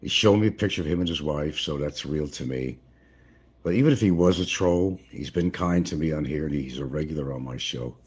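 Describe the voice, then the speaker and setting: A man's voice: a bass voice, brisk, a little mellow, husky. An older American man chatting casually on a livestream from his home, rambling and chuckling as he answers chat comments. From United States. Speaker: livestream vlogger. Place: home in the central Philippines.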